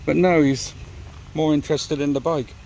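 This middle-aged man has a fairly high yet gravelly, darkish voice, speaking at a moderate pace in a steady tone, with a little hiss or hum present. As a motorcycle vlogger, he walks around outdoors by a church and graveyard, rambling and speaking straight to his viewers on camera.

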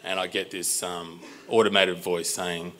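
Speaking at a measured pace in a low voice, this Australian man recounts a personal story before a live audience. He sounds exasperated and animated, curses freely, and performs the conversations.

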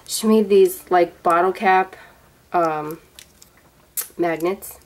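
Woman, 30s, lower-pitched, chatty unboxing vlogger, rambling and gushing; light background hiss. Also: takes it slowly, low-quality recording. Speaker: vlogger showing a gift box. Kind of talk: casual show-and-tell unboxing.

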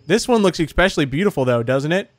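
Man reading creepy doting mother from a horror game, high voice, faint music under. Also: animated, quick pace, no echo, lightly acted. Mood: sweetly unsettling. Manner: reads game dialogue aloud in plain voice. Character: eerie doting mannequin mother, female, middle-aged.

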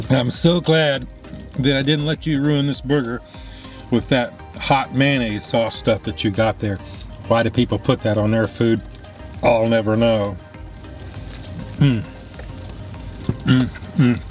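A man casually reviewing fast food in his car, enthusiastic and talking with his mouth full. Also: mid-range voice, steady tone, faint music behind.

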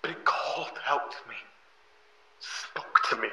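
An actor playing a haunted, paranoid older man tormented by a voice, often dropping into hushed whispers. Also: medium pitch, a little slow, gravelly, heavily acted. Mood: fearful, hushed. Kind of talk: analog horror audio drama. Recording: echoey room.

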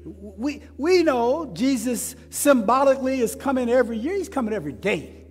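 A man's voice: very high-pitched, expressive, normal speed. A male pastor, preaching a sermon in repeated rising questions that swell and fall. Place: church sanctuary. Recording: long church reverb with music. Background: instrumental music.

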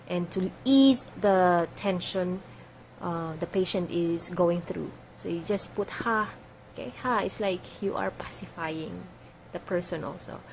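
A woman teaching a language lesson for medical staff. She explains each phrase patiently and repeats it slowly. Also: fairly low pitch, vocal fry, a little hiss or hum, poor audio.

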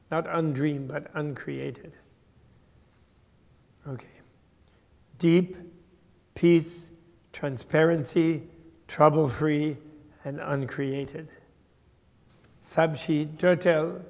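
Older man lecturing in a reverberant hall, gravelly. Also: a little high. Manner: thoughtful, explanatory, with restarts. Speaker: Buddhist teacher. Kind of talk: lecture to a class.

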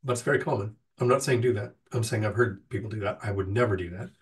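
A man's voice: on the low side, fast talker, distant mic. Nasal-voiced man answering live chat. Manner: plain-spoken, reads chat questions then answers them at length. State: getting over a cold. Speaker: host answering viewer questions. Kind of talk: casual livestream Q&A.

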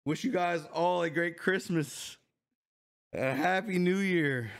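A man talking to his camera at an unhurried pace with a slightly high voice. He is excitable and curses freely, groaning and coughing through a spicy food challenge with teary eyes. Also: vocal fry. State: in pain from heat, teary. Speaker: vlogger. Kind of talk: casual food challenge vlog.

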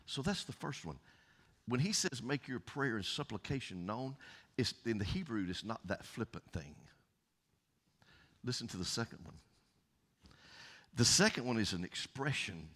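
A middle-aged man with a Southern accent preaching a folksy sermon, swinging from loud calls to soft near-whispers. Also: mid-range voice, big pitch swings, normal speed, long pauses, slightly rough. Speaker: pastor. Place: church sanctuary. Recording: long church reverb.

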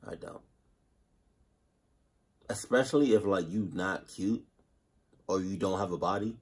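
Man, reaction host, lowish voice, animated, profane slang. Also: breathy edge. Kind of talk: casual reaction commentary.

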